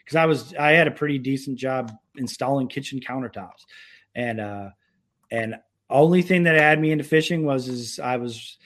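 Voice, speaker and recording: Casting: man from New York, casual chat, rambling, lots of uh's, mid-pitched. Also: normal speed, a bit bright. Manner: rambling, many filler words.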